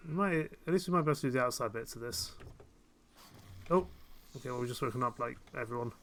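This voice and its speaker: Man, gravelly, rambling game stream chatter, self-mocking. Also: medium pitch, fast, a bit bright, slight background noise. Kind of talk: casual live gameplay commentary.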